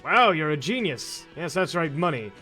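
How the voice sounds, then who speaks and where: A man's voice: fairly high pitch, sing-song, moderate pace, pushed and bright, faint music behind. A man voicing a grumpy, sarcastic male cafeteria manager in a video game who demands money he is owed. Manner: sarcastic, exasperated.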